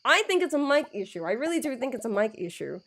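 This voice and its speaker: A woman's voice: sits high, sing-song, a bit bright. A woman streaming a game live, chatting and laughing with viewers, with a blocked nose. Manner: chatty, giggly, repeats words slowly to show sounds. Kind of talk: casual live stream chat.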